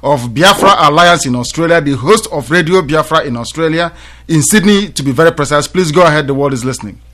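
A man's voice: fairly high pitch, lively intonation, fast talker, fairly bright tone, slight background noise. A man hosting a call-in radio show, taking calls and pressing his points with emphatic, repeated rhetorical questions.

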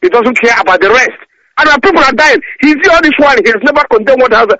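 A man's voice: very high-pitched, lively intonation, fast talker, pushed and bright, no room sound. A man calling in to a radio talk show, ranting angrily and stumbling over his words. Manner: angry, repetitive stammering rant. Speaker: caller. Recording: dull lo-fi phone-in audio.

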